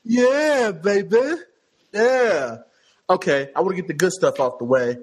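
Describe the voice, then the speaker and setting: A man's voice: high-pitched, lively intonation, measured pace, a little hiss or hum, rough recording. A congested man ranting, profane and emphatic, as a co-host on a casual podcast. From Cincinnati, Ohio.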